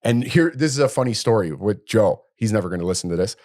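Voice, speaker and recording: A man co-hosting a casual chat, telling a story with lively acted-out quotes. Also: on the low side, fast talker. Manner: animated storyteller, acts out quotes. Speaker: podcast co-host.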